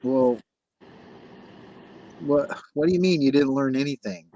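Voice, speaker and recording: A man hosting a casual chat on a livestream, talking in halting bursts full of false starts and repeats. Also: mid-range voice, dark tone, slight background noise, rough recording. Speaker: host. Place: livestream call.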